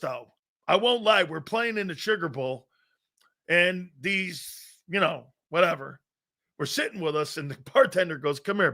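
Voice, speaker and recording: A loud, boisterous man hosting a football talk show, his voice pitched high for a man and swooping widely as he rants. He laughs often, swears freely and tells rambling stories in stop-start bursts. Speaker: sports talk show host. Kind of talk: live football talk and storytelling.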